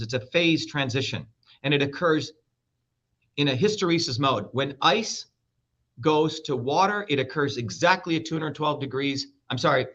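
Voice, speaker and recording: Man, middle-aged, combative interview guest, swears freely, bright forceful voice, muffled lo-fi audio. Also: mid-range voice. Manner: blunt, profane, combative. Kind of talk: heated interview talk. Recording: dull lo-fi sound.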